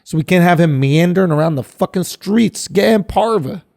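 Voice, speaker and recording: High, quick New guy, loud profane podcast co-host who laughs while ranting. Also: lively intonation, gravelly. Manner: brash, profane, rapid-fire, laughs mid-sentence. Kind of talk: rowdy comedic banter.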